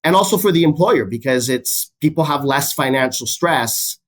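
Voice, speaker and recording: Man, steady statistic-laden explainer. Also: medium pitch, normal speed. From Canada. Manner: steady, fact-heavy, cites statistics, repeats key phrases. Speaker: guest, business professor. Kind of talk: podcast interview explanation.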